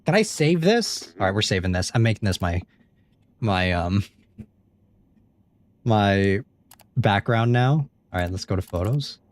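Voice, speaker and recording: A man's voice: lowish voice, big pitch swings, measured pace, pauses often. A young man giving casual gameplay commentary, joking, self-deprecating and swearing freely. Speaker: gaming YouTuber.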